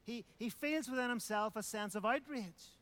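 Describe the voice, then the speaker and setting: A man's voice: very high voice, normal speed, bright, forceful tone. A man preaching a sermon, emphatic, repeating phrases and asking rhetorical questions.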